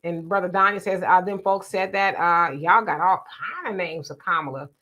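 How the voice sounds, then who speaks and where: A woman's voice: on the low side, moderate pace, sharp tone. Casual woman reading live chat. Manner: reads viewer comments aloud and responds conversationally. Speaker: livestream co-host reading chat.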